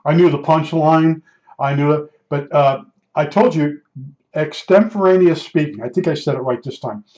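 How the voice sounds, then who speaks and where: An older man telling a rambling personal story in a spoken monologue, halting often and restarting his sentences. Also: fairly high pitch, steady tone, darkish tone. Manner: meandering, halting, with many restarts and fillers. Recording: dull lo-fi recording.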